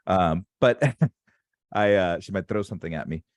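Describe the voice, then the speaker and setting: A man's voice: low-pitched, normal speed, dry recording, clean studio sound. A man hosting a casual interview as a sales coach, talking in an emphatic, motivational way. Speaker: sales coach and podcast host.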